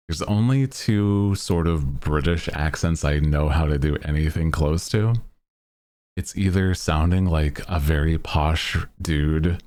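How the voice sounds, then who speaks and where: A man's voice: very deep voice, a little mellow. A male streamer in casual chat. He rambles with lots of "like" fillers, his phrases lilt upward at the ends, and he laughs at himself often. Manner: rambling, heavy use of "like" fillers; self-mocking, laughs at himself.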